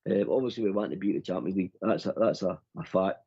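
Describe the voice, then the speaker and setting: A man's voice: deep voice, fast, gravelly, mellow, husky. A man hosting a football fan phone-in, chatting casually and calling his co-host "mate" all the time. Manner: matey, calls the other man "mate" constantly. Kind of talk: casual chat. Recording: dull lo-fi audio.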